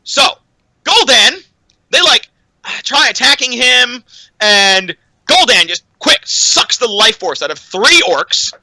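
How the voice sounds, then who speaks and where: A young man rants casually about a film on a podcast, swearing freely and filling gaps with "um". His voice is high, bright and very lively. The sound is close and dry. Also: takes it slowly, no echo, low-quality recording. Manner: animated, profane, lots of "um"s. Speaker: podcast co-host. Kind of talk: casual chat, film rant.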